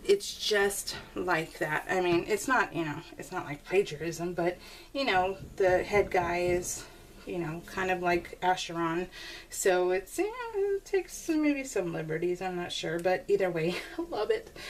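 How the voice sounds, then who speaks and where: Chatty, laughing woman vlogger. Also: mid-range voice. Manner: chatty and gushing, laughs often. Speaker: scrapbooking vlogger. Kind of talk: casual chat to viewers while crafting. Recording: slightly distant mic, faint background noise.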